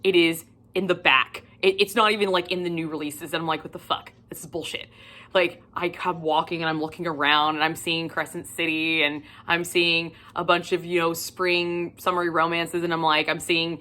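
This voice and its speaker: A woman chatting casually in a book haul vlog, gushing and excitable, swearing freely and swinging between loud squeals and whispers. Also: lowish voice, moderate pace, hardly any pauses. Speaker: book vlogger.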